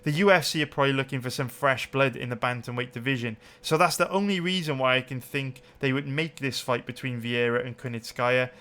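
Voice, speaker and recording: A man's voice: medium pitch, fairly quick, few pauses, sharp tone, smooth. A young man hosting a betting channel, giving a brash, profane and emphatic casual breakdown while calling his viewers boys.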